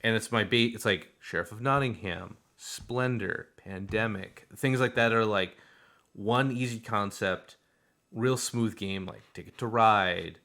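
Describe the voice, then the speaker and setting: A man co-hosting a podcast, chatting casually about board games in a rambling, animated way and laughing often. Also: fairly low pitch, measured pace. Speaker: podcast co-host. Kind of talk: casual board game chat.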